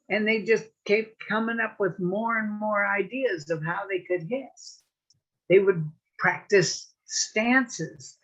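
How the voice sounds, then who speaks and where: At a story swap, a woman with a medium-pitched voice tells a folksy tale, acting out the snakes by raising her voice. She's a lively teller. The audio is muffled and comes through a video call.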